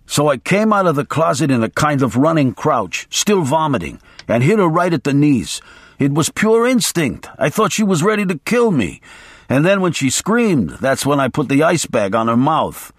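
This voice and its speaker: A man's voice: a little high, sing-song, normal speed, dry recording, studio quality, voice pushed up. Aggressive, paranoid lawyer, read by a man, blustering and accusing. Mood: frantic.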